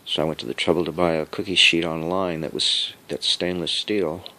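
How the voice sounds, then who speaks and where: A man giving a rambling personal monologue about his home cooking and health. He is halting and digressive, repeats himself often, and chuckles as he goes. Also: deep voice, fairly even intonation, pushed and bright. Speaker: home cook sharing health updates.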